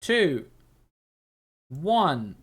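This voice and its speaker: A man's voice: fairly high pitch, sing-song, drawn-out words, fairly bright tone, husky. A male streamer runs a live geography guessing game for his viewers. He thinks aloud in a chatty, easygoing way and greets people in the chat by name as he goes.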